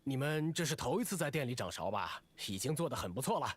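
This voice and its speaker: A man voicing a calm, lively-voiced innkeeper. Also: medium pitch, fast, slight background noise, close to an everyday voice. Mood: advising. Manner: calm, advising. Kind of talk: game dialogue.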